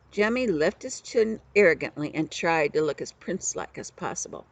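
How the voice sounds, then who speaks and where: An older woman, a grandmother, reading a children's book aloud with expressive storytelling. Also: deep voice, moderate pace, creaky, few pauses, a little hiss or hum.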